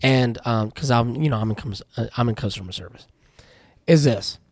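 A man's voice: medium pitch, normal speed, a little mellow, dry recording. A man co-hosting a casual podcast, ranting through profane stories about his work at a tire shop. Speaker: podcast co-host.

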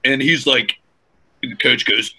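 A man and former wrestling coach telling a profane, animated story in casual chat. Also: mid-range voice, slow pace, gravelly, a little hiss or hum.

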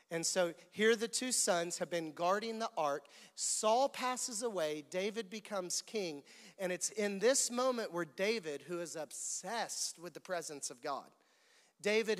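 A man preaching a sermon as a pastor, retelling an old story in an animated way and calling on the audience to repeat words. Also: sits high. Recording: reverberant hall.

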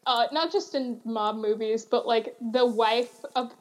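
A woman co-hosting a casual movie chat, chatty and quick to laugh. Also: on the high side, rough recording. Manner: chatty, laughs often, many fillers.

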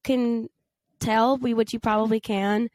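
A woman's voice: on the high side, level tone, measured pace, darkish tone, no room sound. Girl in her 20s on a podcast, still a bit stuffy from being sick, teasing, dry mic. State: recovering from a cold, voice not fully back. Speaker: podcast co-host. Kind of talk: casual chat.

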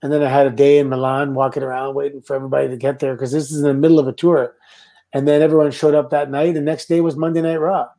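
A middle-aged Canadian man, a former wrestler, telling relaxed anecdotes with laughs as a guest. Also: medium pitch, quick pace. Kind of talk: casual storytelling.

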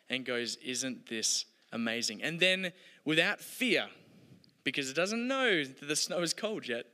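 A man preaching a sermon, telling stories earnestly and letting his voice drop soft at the end of each point. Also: medium pitch. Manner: earnest, storytelling, voice dropping soft at ends of points. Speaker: pastor. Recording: long hall reverb.

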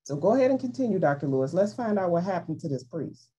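A woman leading an informal Bible study, animated and playful as she explains scripture. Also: on the low side, fast talker, breathy edge. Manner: animated, playful, acts out voices in quotes. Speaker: Bible teacher.

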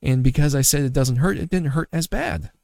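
A man's voice: medium pitch, fairly quick, creaky, a little mellow, no echo, pitched above the performer's own voice, close to an everyday voice. A man voicing his young son, who tells the story eagerly and breathlessly. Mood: excited. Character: young boy, excited and relieved.

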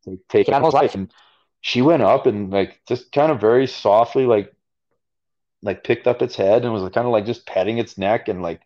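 A man's voice: medium pitch, normal speed, warm tone. A man with a Canadian accent, a podcast guest telling a story casually, full of fillers. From Alberta, Canada. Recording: dull lo-fi audio.

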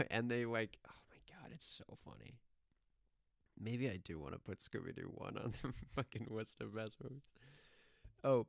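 A man's voice: on the low side, creaky, no echo, clean studio sound. A man talking casually and rambling, often laughing and swearing while he tells a story. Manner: rambling, laughing, profane, animated.

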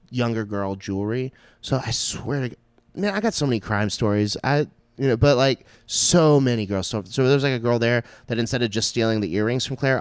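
Rambling crude podcast host, low voice. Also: male voice, smooth, no room sound. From North Texas. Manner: crude, rambling storyteller full of "like". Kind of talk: casual podcast chat.

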